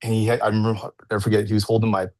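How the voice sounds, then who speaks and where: A man's voice: fairly low pitch, completely flat delivery, racing, a little mellow, dry recording. A man, a track coach and podcast guest, telling a personal story in a rambling, casual way, full of restarts and "like" and acting out the people he quotes.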